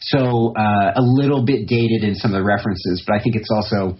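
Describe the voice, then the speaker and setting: Deep-voiced male podcast guest, loose and rambling, muffled sound. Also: steady tone, a little fast. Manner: rambling, reflective, many fillers and restarts. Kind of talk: casual interview talk.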